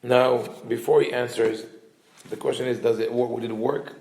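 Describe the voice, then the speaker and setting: A rabbi with a medium-pitched, reverberant voice teaches a class on a Talmudic story, thinking aloud and restarting his sentences. He retells quotes in livelier voices and reads Hebrew quickly.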